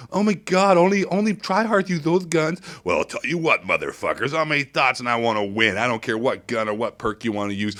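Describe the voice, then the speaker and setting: A man giving crude, comedic gameplay commentary, hyper and swinging between squeaky highs and low mutters. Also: fairly bright tone.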